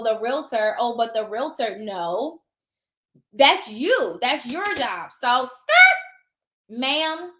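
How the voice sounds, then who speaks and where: A bright, forceful woman with a fairly high voice talks in a casual advice monologue, emphatic and sassy, and she acts out her exchanges as she goes. The sound carries a roomy echo. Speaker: notary loan signing agent.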